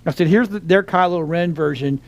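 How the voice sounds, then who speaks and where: A man's voice: a little high, a little fast. Rambling middle-aged man telling a story. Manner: rambling storyteller, many restarts and fillers. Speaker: podcast co-host. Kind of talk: casual chat.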